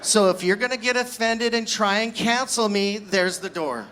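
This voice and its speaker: A man's voice: high-pitched, moderate pace, pushed and bright. A man in his sixties doing a self-deprecating stand-up set at his own birthday party, teasing friends in the audience. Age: 60s. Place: party venue with a live audience.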